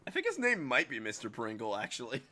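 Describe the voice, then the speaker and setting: A man's voice: mid-range voice, wildly swooping pitch, fast, bright, forceful tone, a little hiss or hum. A man chatting casually and jokingly, swearing freely while playing a visual novel with a friend.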